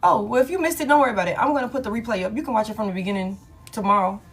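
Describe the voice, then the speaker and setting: A woman's voice: fairly high pitch, rapid-fire, slightly rough, faint music behind. Woman, 30s, tarot-stream host; blunt, profane, laughing, casual delivery. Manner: candid and profane, laughs often, talks straight to her viewers. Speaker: tarot reader hosting a live stream.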